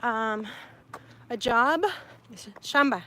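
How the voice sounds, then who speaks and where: A woman's voice: on the high side, takes it slowly, pushed and bright, slight background noise. A woman from Sonora, Mexico, chatting casually with viewers on a livestream, laughing often and mixing Spanish words into her talk. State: sweaty and hot. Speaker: livestream vlogger.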